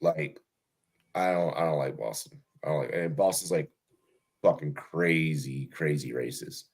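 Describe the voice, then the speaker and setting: A man's voice: rumbling low, measured pace, husky. A young man hosting a fantasy football show, chatting casually and profanely, rambling with lots of fillers and restarts over a remote call. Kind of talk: casual profane podcast chat.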